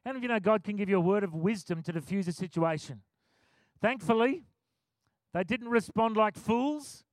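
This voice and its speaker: High-voiced man preaching. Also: expressive, normal speed, dry recording. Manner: conversational storytelling preacher, laughs often. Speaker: pastor. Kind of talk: sermon.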